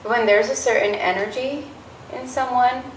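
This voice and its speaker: A woman's voice: fairly high pitch, fairly even intonation, normal speed. Woman host, encouraging, lots of mm-hmms, a bit far off w faint background hiss. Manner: encouraging, frequent backchannel. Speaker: interview host. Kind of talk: casual interview. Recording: roomy, distant mic, faint noise.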